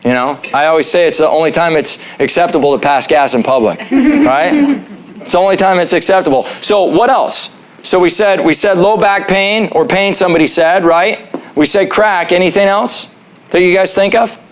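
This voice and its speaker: A man with a fairly high voice teaches a health class in his chiropractic office. He keeps it casual and joking, and keeps putting questions to the room. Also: expressive, moderate pace. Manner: joking, asks the audience questions.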